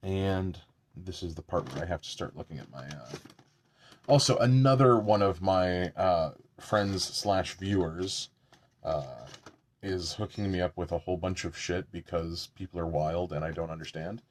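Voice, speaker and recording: A man's voice: low voice, normal speed, slight background noise. A man chatting casually at home while doing his makeup on a live stream, joking about himself and swearing now and then.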